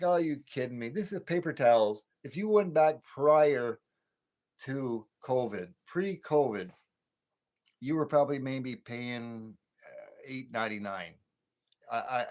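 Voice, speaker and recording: A man in his late fifties hosting a late-night livestream, ranting and rambling with many repeats and restarts. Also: mid-range voice. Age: 50s. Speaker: livestream host.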